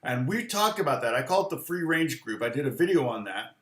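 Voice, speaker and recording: A man's voice: mid-range voice, sing-song, brisk, fairly bright tone, reverberant. A man teaching guitar in a loose, rambling live lesson, humming rhythms aloud between explanations.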